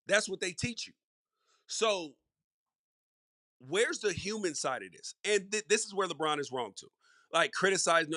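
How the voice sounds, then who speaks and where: A man's voice: high-pitched, expressive, normal speed, pushed and bright, no echo, studio quality. A middle-aged man hosting a sports podcast, giving solo commentary in a conversational, emphatic way and repeating words for stress. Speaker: podcast host.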